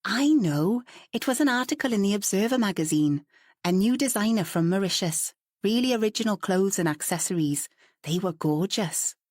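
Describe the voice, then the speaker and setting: A woman's voice: mid-range voice, expressive, normal speed, darkish tone, dry recording, studio quality, lightly acted. A woman voicing a curious, outspoken woman painter who talks in a chatty, forthright way, in a storybook reading.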